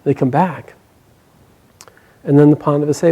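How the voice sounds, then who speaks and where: A man telling an epic story live, animated and dramatic, sometimes correcting himself. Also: a little high, normal speed, poor audio.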